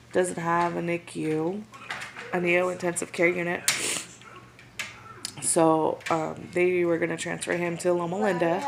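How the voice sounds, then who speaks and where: Gravelly-voiced young woman telling a story. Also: on the low side. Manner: animated, acts out quotes of others. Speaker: new mother. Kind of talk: casual storytelling. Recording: noisy home recording.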